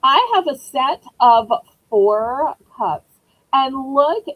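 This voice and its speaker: A woman's voice: sits high, lively intonation, drawn-out words, no room sound, poor audio. A woman with a Southern accent hosting a live-stream auction, chatting in a folksy way and greeting viewers by name.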